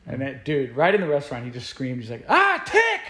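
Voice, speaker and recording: A man's voice: mid-range voice, fast talker, roomy sound. A man who is a guest musician, telling stories in a casual interview, rambling along with many fillers and restarts.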